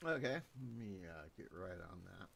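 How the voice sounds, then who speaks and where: A man's voice: lowish voice, expressive, moderate pace, vocal fry, fairly bright tone. A man hosting a casual talk show, laid-back and blunt, with a joking streak. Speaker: host. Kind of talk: casual chat.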